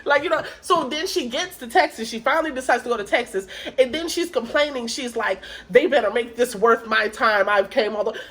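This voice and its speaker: A woman's voice: on the high side, fairly quick, few pauses, a bit bright. A woman telling a story in a casual podcast chat, swearing freely, laughing often and acting out what people said. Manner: laughing storyteller, profane, acts out quotes. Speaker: podcast co-host.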